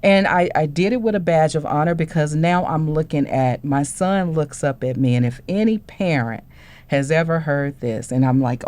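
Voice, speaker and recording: A woman's voice: low-pitched, normal speed. A woman on a discussion panel, telling a personal story as a parent and acting out the voices of the people in it. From Houston, Texas. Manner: animated storytelling, acts out dialogue.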